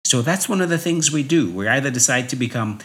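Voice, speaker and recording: A man's voice: medium pitch, animated, quick pace, fairly bright tone. A man from New York giving a personal motivational talk, chuckling often and repeating phrases for emphasis. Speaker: speaker.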